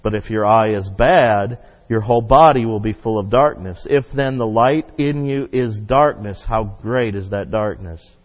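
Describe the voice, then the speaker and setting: A man preaching a sermon as pastor, emphatic, swinging between loud stress and hushed asides. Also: lowish voice, a little slow, few pauses. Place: church sanctuary. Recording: dull audio with long hall reverb.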